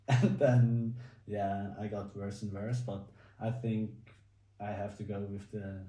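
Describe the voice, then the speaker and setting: Man, podcast guest, plain answers, dark low voice, roomy distant sound. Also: level tone, takes it slowly. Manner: plain, slightly non-native phrasing. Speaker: guest athlete. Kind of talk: casual interview answers.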